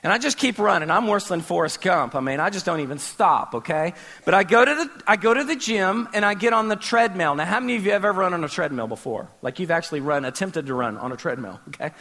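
A man's voice: sits high, animated, quick pace, sharp tone. A man preaching a sermon as a pastor, telling stories animatedly and acting out scenes with sound effects.

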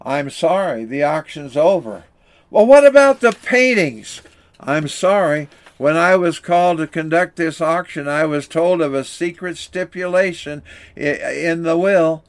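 A man's voice: a little high, measured pace. A man voicing a persistent male auctioneer who calls out bids at an estate sale. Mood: solemn. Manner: insistent, calling out bids.

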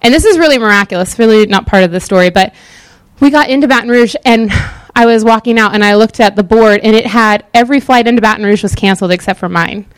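A woman giving a casual, sermon-style Bible teaching in a chatty, animated way with many fillers. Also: a little high, fast talker, clear, resonant tone, no echo.

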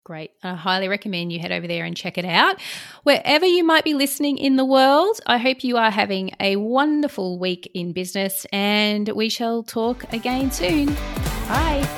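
A woman's voice: on the high side, lively intonation, normal speed, faint music behind. A woman hosting a podcast, chatting encouragingly with a guest and affirming what she says. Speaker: podcast host. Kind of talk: conversational podcast interview. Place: separate room, recorded remotely. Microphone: remote call, podcast mic.

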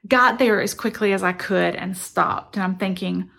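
A woman's voice: medium pitch, normal speed, creaky, a bit bright. A middle-aged woman, earnestly telling a personal story in a reflective, conversational way. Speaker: motivational speaker.

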